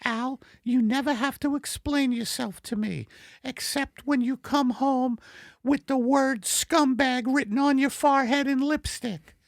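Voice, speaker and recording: A man voicing Margaret, a fussy, scolding middle-aged wife, in a high falsetto in an improvised comedy sketch. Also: fairly even intonation, a little slow, creaky, no room sound, full character voice. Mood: bickering. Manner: shrill, scolding falsetto, bursts into shouting. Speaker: comedy podcast co-host.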